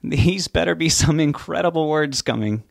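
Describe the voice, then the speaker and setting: A man's voice: on the high side, normal speed, gravelly, no echo, studio quality, voice pushed up. A man voicing an angry, sarcastic young adult son who stands up to his father. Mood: defiant. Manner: sarcastic, snarling.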